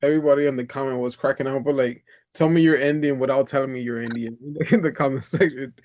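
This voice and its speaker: A man's voice: medium pitch, steady tone, quick pace, a little mellow. A man from the Dominican Republic chatting on a video call, a loose storyteller who laughs often, swears, and calls the other person "bro". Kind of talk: casual chat on a coaching call.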